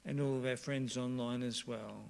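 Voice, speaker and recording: A male pastor leading communion and prayer, with slow, repetitive prayerful phrasing. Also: medium pitch, steady tone, creaky, a little mellow.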